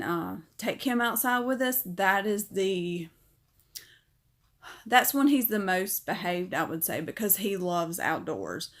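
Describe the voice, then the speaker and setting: A woman in her thirties with a Southern accent, chatting casually on a livestream and reading comments out loud. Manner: chatty, upbeat, talks to her parrot in a high voice. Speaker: livestream host.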